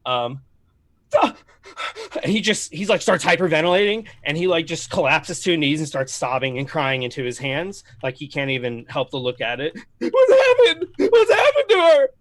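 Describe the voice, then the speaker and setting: A man's voice: fairly high pitch, a little fast, hardly any pauses, fairly bright tone, no echo. Casual man running a tabletop game. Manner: casual, rambling. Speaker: game master.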